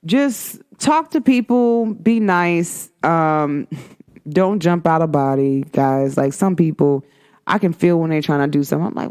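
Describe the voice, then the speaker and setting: A woman's voice: sits low, normal speed, darkish tone. A young woman hosting her own show, giving a casual, chatty spiritual energy read to her viewers, repeating herself for emphasis. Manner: chatty, repetitive, emphatic with frequent "like" and "guys". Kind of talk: casual spiritual vlog talk.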